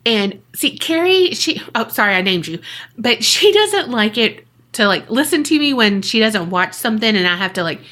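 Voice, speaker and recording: A bubbly woman co-hosts a casual podcast. Her voice sits fairly high, and she laughs easily while she talks straight to listeners. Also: big pitch swings, moderate pace, sharp tone. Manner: bubbly, laughs often, chatty asides to listeners. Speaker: podcast co-host. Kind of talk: casual chat.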